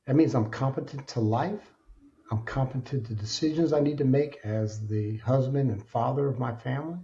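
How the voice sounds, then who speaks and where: Animated man telling his story, dark tone. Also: medium pitch, highs cut off. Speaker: podcast guest. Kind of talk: candid storytelling interview.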